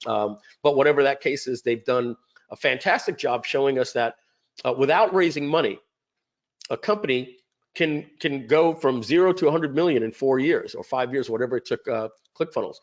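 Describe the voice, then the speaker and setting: A man's voice: medium pitch, normal speed, lo-fi sound. A man casually presenting his company's story in a rambling way, with many fillers and restarts. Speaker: company founder presenting a webinar. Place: home.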